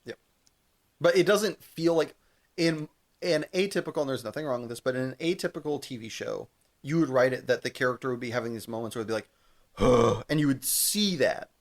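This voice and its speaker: A young man co-hosting a casual podcast, his voice sitting in an ordinary middle register. He recaps scenes with animated, laughing energy and swears freely as he talks. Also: medium pitch, brisk. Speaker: podcast co-host. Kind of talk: casual chat.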